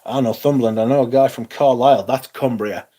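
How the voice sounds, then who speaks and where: Here a man with a northeast English, Northumbrian accent hosts a livestream in a dark, mid-range voice that stays steady in tone and moves at a quick pace. He's casual, blunt, and profane, reading chat aloud and answering it.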